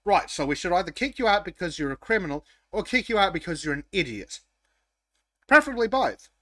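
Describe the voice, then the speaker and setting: Bright, laughing male podcast co-host. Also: high-pitched, very animated, brisk, no room sound. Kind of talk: casual chat.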